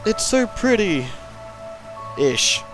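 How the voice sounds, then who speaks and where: Brief: male gamer, sarcastic and rambling, animated delivery. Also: high voice, very slow, music in the background. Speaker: let's play host. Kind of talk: gameplay commentary.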